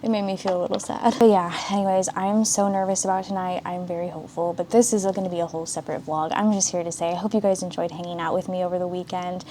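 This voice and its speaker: A young woman talks casually to her vlog camera at home while getting ready for the day. Her voice is mellow and darker than most, and she rambles with fillers and little asides. A faint hiss sits behind her. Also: on the low side, steady tone, quick pace, hardly any pauses. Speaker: vlogger.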